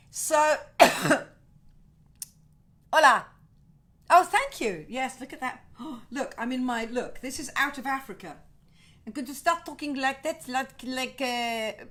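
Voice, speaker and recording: A woman's voice: on the high side, a little slow, pauses often. A woman hosting a livestream from her home over a webcam, chatting animatedly with viewers, greeting them with whoops and swearing freely in ranting bursts. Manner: excited whoops greeting fans by name. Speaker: singer-songwriter hosting a livestream.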